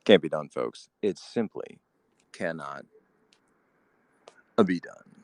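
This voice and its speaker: A man hosting a comedic podcast, speaking in a pompous, drawn-out, grandiose way. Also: very deep voice, lively intonation, dry recording. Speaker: podcast host.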